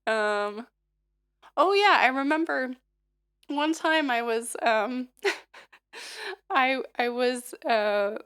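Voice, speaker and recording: A hoarse woman singer and livestreamer chatting casually and leading a vocal warm-up, rambling with lots of fillers and little laughs. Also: high-pitched, animated, drawn-out words, long pauses. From United States.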